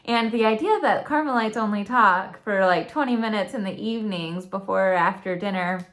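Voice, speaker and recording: A woman's voice: mid-range voice, moderate pace, a bit bright. A young adult woman with a Michigan accent, talking on her channel about her faith in an earnest, chatty way. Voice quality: talkative, earnest. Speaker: YouTube channel host. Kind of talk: personal reflective monologue.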